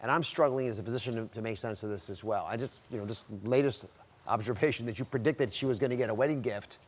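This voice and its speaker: A middle-aged man hosting a TV talk show as a physician, gently questioning his guests in a studio with an audience. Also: medium pitch, quick pace. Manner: inquisitive, gently prompting guests.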